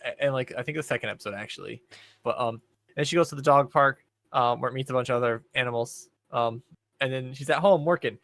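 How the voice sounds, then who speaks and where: A young man chats casually on a podcast, recapping a show in a loose, rambling way. His voice sits at an ordinary middle pitch, and he fills his pauses with ums and likes. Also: creaky, a bit bright, dry recording. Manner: laid-back, rambling recap with many fillers. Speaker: podcast co-host. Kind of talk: casual chat.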